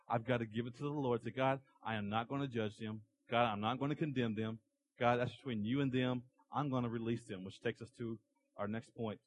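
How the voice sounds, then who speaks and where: A man preaching a sermon to his church, animated as he tells stories and acts out characters. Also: medium pitch, slight background noise, low-quality recording. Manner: animated storytelling, acting out characters in the parable. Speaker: pastor.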